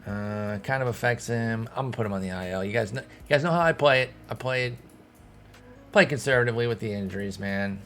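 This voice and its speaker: A young man giving casual gameplay commentary as a streamer, thinking aloud and breaking into sudden excited outbursts. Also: mid-range voice, quick pace. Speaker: streamer playing a baseball management game.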